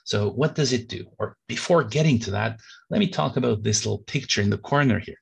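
A man's voice: medium pitch, a little fast, vocal fry, husky. A man giving a business lecture in an explanatory way, with frequent fillers. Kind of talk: recorded lecture.

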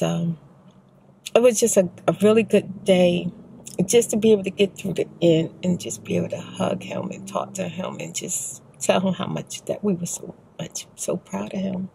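A middle-aged woman with a Texan accent, talking softly and at length in her parked car, exhausted and emotional, in a rambling soft-spoken vlog. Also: fairly low pitch, vocal fry, husky. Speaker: ASMR vlogger.

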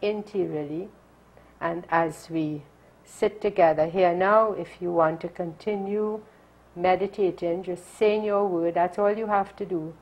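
A religious sister guides a meditation in a gentle, measured way. Her voice sits a little low and has a husky, breathy edge. She speaks slowly and deliberately. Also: low-quality recording. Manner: calm, slow and deliberate.

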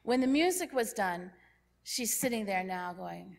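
A woman giving a sermon in a church, telling a story in a lively way and acting out what the people in it say. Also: mid-range voice, normal speed, vocal fry. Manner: lively storyteller who acts out characters' lines. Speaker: church speaker. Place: church sanctuary.

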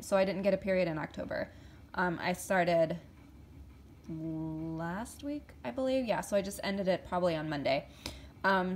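Chatty woman vlogger, faint hiss. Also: mid-range voice. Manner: chatty, with fillers, stumbling over names. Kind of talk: casual show-and-tell vlog.

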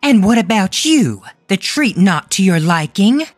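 A woman's voice: mid-range voice, big pitch swings, unhurried, no room sound, soft background music. A woman voicing an old-fashioned female monster matriarch who speaks in a genteel, icy and commanding way. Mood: menacing.

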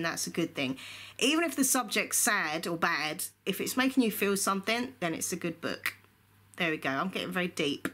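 Bright-voiced chatty woman. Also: fairly low pitch. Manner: chatty, rambling, gushing with excitement. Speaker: book vlogger. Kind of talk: casual book haul chat. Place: indoor room at home.

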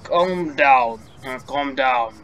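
A calm male mentor talks someone down from panic in a game scene, read aloud by a man. His voice sits in the middle range and moves slowly and deliberately. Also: mid-range voice. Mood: soothing.

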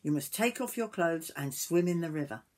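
A woman's voice: fairly low pitch, expressive, moderate pace, lightly acted. An older woman voicing a clever, scheming male cat in boots in a read-aloud storybook, bold and persuasive.

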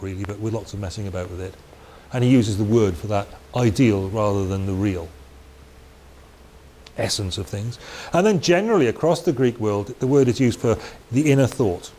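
Warm in tone and lowish in pitch, a preacher from Wales delivers a conversational Bible talk full of chatty digressions and restarts. The recording carries a faint hiss.

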